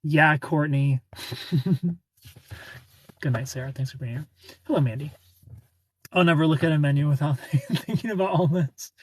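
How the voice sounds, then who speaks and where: Husky, playful livestream host. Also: male voice, on the high side, fairly even intonation, moderate pace, long pauses, dry recording. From Ohio. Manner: playful, laughs often, greets viewers by name. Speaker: live stream host. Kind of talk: casual live stream chat.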